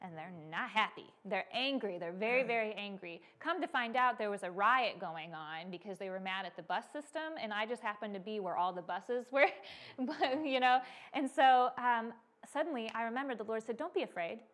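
A young American woman, a missionary, telling faith stories to a church audience in a lively storytelling manner with many fillers. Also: fairly high pitch, normal speed. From United States. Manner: animated storytelling with frequent fillers. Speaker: missionary speaker.

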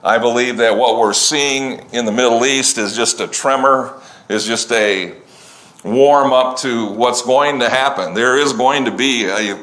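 A man's voice: mid-range voice, fairly bright tone. A man preaching a sermon, reading scripture at length and breaking off into conversational asides. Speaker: pastor.

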